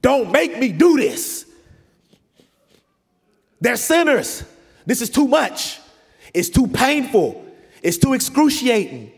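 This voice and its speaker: A man preacher acting out a desperate man crying out and begging in prayer, strained and loud, with a long church reverb. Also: very high voice, big pitch swings, slow, creaky, long pauses, breathy edge, voice pushed up, full character voice. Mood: anguished pleading. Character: anguished man pleading in prayer, desperate and broken.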